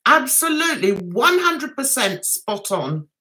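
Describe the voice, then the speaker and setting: A woman's voice: a little high, big pitch swings, measured pace, bright, forceful tone. A woman hosting a livestream, chatting with viewers and giving indignant, emphatic commentary. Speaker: YouTube host.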